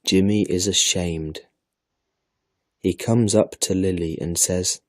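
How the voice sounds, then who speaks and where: Slow, deep-voiced male storyteller. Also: dry recording, clean studio sound. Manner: slow, careful, even reading. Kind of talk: storybook reading for a children's English lesson.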